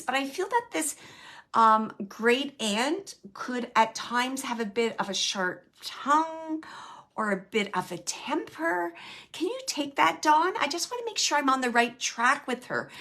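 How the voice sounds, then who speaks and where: A woman's voice: sits high, sing-song, a little slow, sharp tone. Earnest woman medium giving readings. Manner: earnest, repeats phrases, speaks straight to the sitter. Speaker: psychic medium and show host.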